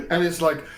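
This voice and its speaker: A man playing a tabletop game, playful and prankish, laughing often. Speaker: player. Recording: faint construction noise behind.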